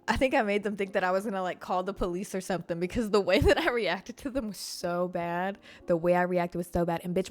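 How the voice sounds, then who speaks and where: Animated profane woman podcast host. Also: mid-range voice. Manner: animated, profane, acts out voices in her story. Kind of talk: casual storytelling monologue.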